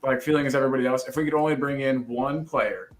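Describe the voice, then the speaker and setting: A man's voice: medium pitch, steady tone, quick pace. A man hosting a casual live-stream football show, chatty and upbeat. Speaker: host.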